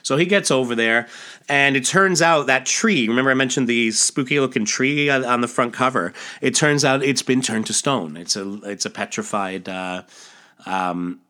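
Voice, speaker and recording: A man casually retelling a comic story aloud, chatty and full of fillers and side remarks. His voice is bright and forward, at an ordinary pitch. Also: normal speed. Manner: chatty, many fillers and asides.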